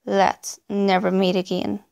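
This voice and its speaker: A woman's voice: medium pitch, completely flat delivery, slow pace, creaky, darkish tone. A woman reading true creepy stories aloud in a dramatic storytelling manner. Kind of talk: scripted narration.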